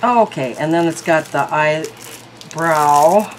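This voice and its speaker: A woman's voice: low voice, takes it slowly, slight background noise, rough recording. A woman reviewing beauty products in a casual vlog, chatty and thinking aloud. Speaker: beauty vlogger.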